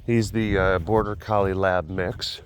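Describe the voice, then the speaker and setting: A man's voice: sits low, fairly even intonation, unhurried, clean tone. A man hosting his own vlog from an animal facility, telling stories in a rambling, chatty way full of fillers. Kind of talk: casual chat.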